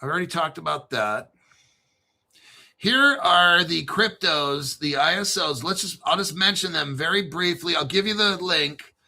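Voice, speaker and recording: Gravelly, bright-toned profane male host. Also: on the high side, a little slow. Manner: profane, animated storytelling. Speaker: crypto channel host. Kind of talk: casual livestream chat.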